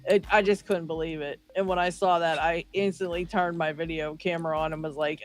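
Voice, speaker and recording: A man hosting a casual livestream chat, laid-back and quick to laugh. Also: on the high side, fairly even intonation, faint music behind.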